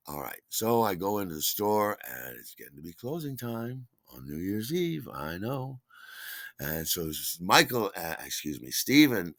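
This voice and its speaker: A man with a deep, low voice and a bright, forceful edge tells a rambling story in a dry, close-miked room. He talks casually and breaks into loud acted-out lines when he quotes people. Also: dry recording. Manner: rambling, animated, acts out others' shouts. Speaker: podcast storyteller. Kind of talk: casual spoken memoir.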